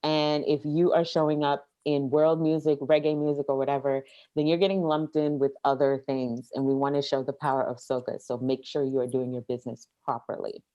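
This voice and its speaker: A woman's voice: rumbling low, flat delivery, fairly quick, warm tone, lo-fi sound. A Caribbean American woman co-hosting a casual podcast chat, playful and giving emphatic, repeated advice. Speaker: podcast co-host.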